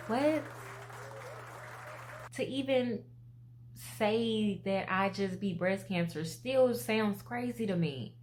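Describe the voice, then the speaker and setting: A woman in her twenties speaks slowly and expressively in a personal vlog, addressing her viewers directly. Her voice sits a little low, and there is a faint hum behind her. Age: 20s. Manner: emotional, expressive, talks straight to viewers. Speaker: vlogger.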